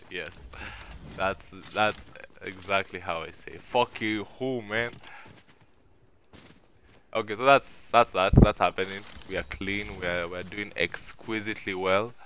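Excitable young man streaming a shooter. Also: fairly low pitch, takes it slowly, slight background noise. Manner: excitable, swears and yells at the game. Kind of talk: live gameplay commentary.

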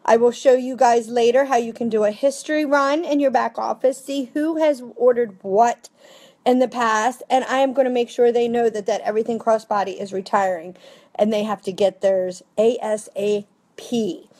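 An upbeat woman in her thirties with a high voice talks through tips for her sales team from home. She keeps it chatty and casual and tags her points with quick "okay?" and "right?" check-ins. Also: steady tone, a little mellow. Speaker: direct sales team director. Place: home with family nearby.

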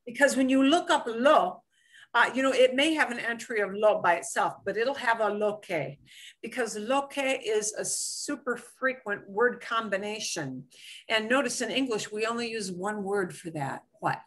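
Lively woman teaching a class. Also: on the high side, normal speed. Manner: animated, explains with examples and repetition. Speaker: Spanish teacher. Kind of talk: live online language class.

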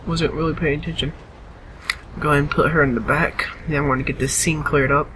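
A man's voice: fairly high pitch, fairly even intonation, brisk, background noise. A tired, yawning man giving casual gameplay commentary and chattily bossing game characters around.

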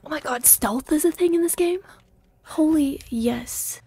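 Jittery young woman gaming, mellow voice. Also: high voice, a little fast. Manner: jittery self-talk, frequent exclamations; jokey and self-deprecating. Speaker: gamer. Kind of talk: casual let's play commentary.

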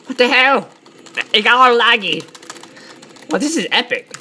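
A woman giving excitable, profane let's-play commentary, yelling at enemies and bantering in character as a god persona. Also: high-pitched, slow pace, long pauses, slightly rough. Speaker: gaming channel host.

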